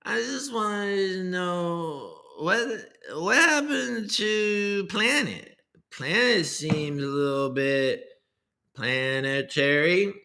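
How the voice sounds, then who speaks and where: A man putting on a whiny, nasal voice of a young male crypto developer, drawling slowly and rambling. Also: sits high, expressive, vocal fry, bright, forceful tone, voice pushed up, full character voice. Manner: drawling, slow and rambling, petulant.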